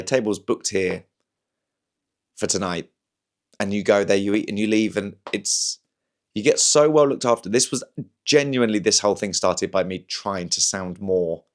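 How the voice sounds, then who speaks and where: A young comedian and podcast host from Slough, England, chats casually on his own in a slightly posh southern English accent. His voice sits on the low side, and he rambles, pokes fun at himself, and fills his talk with fillers and restarts.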